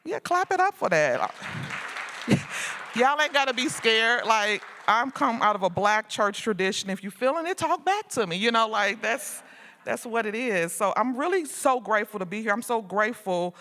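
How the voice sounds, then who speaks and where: A woman artist leading a gratitude meditation with a slow, lulling, repetitive delivery at a symposium. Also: fairly high pitch, lively intonation, fairly bright tone, a faint crowd. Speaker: artist speaker. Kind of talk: guided gratitude meditation talk. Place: large hall at a symposium. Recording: long reverb of a large hall.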